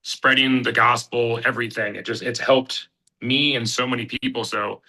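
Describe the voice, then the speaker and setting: Earnest man with a very bright, sharp voice. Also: mid-range voice, fairly even intonation, low-quality recording. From Kansas City, USA. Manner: earnest, heartfelt storytelling with halting restarts. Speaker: podcast guest, bare-knuckle fighter. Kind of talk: personal testimony in casual conversation.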